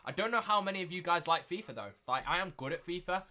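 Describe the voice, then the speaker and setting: A young man hosting a live watchalong stream, chatting casually and repeating himself, getting loud and excited at big moments. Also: high voice, fast talker. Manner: excitable, repeats phrases, shouts when thrilled.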